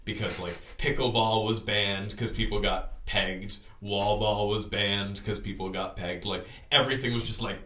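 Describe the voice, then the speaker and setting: A man's voice: lowish voice, steady tone, moderate pace, few pauses, sharp tone. A young man co-hosting a podcast in casual chat, wry and easygoing, sometimes dropping to a mumble. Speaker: podcast co-host. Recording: echoey room.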